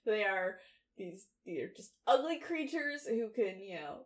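A woman co-hosting a podcast in casual chat, laughing often and talking with animated, swearing energy. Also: medium pitch, slow. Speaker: podcast co-host. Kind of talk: casual chat reviewing a TV episode.

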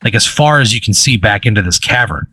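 Low-voiced man running a tabletop game. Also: animated, pushed and bright, slightly rough, no echo. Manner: casual, halting, lots of fillers. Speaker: game master.

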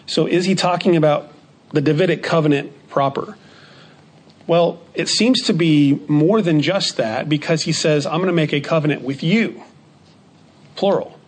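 Man teaching a Bible study lesson. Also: on the high side. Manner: measured, repeats key phrases for emphasis.

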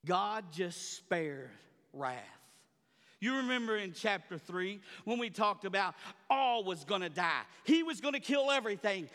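A man preaching a sermon as pastor, swinging from quiet murmurs to loud, high shouting in a dramatic, colloquial preaching style. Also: animated, a little slow, long reverb tail.

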